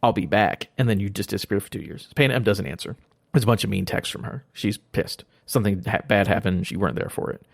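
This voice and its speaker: Fast-talking man with a gravelly voice. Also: lowish voice, dry recording, clean studio sound. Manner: rambling retelling of a game plot, quoting characters. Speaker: podcast guest. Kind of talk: casual podcast chat.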